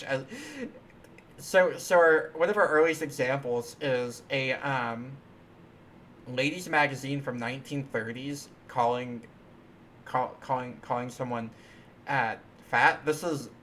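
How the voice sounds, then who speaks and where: A man's voice: mid-range voice, bright, forceful tone, slight background noise. A man hosting a live stream, chatting casually while coding, rambling and playful, with many restarts and fillers. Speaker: livestream host.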